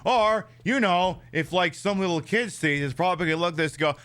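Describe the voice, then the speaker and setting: A man streaming a video game and chatting with viewers in a sarcastic, profane, animated way. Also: sits high, a little fast, clear, resonant tone. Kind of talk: casual live-stream chat.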